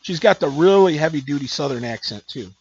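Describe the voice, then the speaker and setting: A man's voice: fairly high pitch, lively intonation, fairly quick, vocal fry, darkish tone, highs cut off, a little hiss or hum. A man hosting a podcast interview, chatting casually and rambling through stories with lots of fillers. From Midwest United States. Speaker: podcast host.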